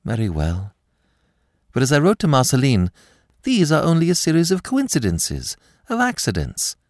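A man's voice: medium pitch, wildly swooping pitch, normal speed, no echo, clean studio sound, pitched above the performer's own voice. Man doing a frightened young French lady. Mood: fearful. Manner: anxious, breathless pleading. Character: frightened young French woman, about twenty.

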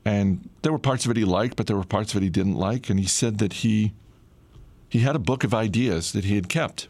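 A middle-aged man casually telling a personal story in a relaxed, conversational way, with frequent "uh" fillers. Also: fairly low pitch, fairly quick, dry recording.

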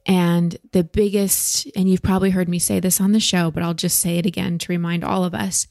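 A woman with a low, gravelly voice coaches her guest in a slow, reassuring way. She gives warm, steady advice on a podcast. The sound is close and dry, with no room around it. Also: dry recording. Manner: gentle, slow, reassuring advice with soft laughs. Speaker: podcast host and emotional coach. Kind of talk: coaching conversation.

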